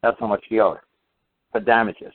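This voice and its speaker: A man's voice: fairly low pitch, fairly even intonation, normal speed. Rambling man on a tinny phone line. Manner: rambling, many fillers and restarts. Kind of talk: casual storytelling.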